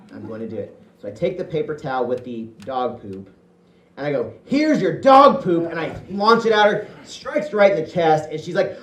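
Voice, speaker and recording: A man's voice: a little high, slight background noise. Chatty man telling a comic story. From Indiana, USA. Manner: chatty, animated, with self-amused laughs. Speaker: solo stage performer. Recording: echoey hall, distant mic.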